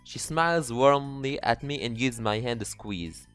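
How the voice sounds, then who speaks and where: A man playing a dating game, reading its text aloud and breaking into excitable, profane jokes. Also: medium pitch, a little slow, clear, resonant tone, dry recording, faint music behind. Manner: excitable, swearing, jokey. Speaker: let's player.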